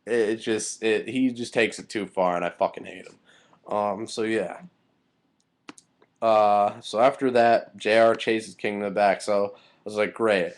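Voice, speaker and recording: A man's voice: lowish voice, steady tone, a little slow. A young man giving a casual, heated recap of a wrestling show, angry and swearing freely.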